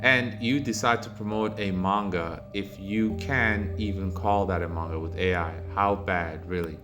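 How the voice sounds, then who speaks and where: Low-voiced guy ranting over comments, mocking and heated, soft guitar music in the back. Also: steady tone, a little slow. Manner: mocking, heated, rises to loud exasperated outbursts. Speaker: commentary channel host.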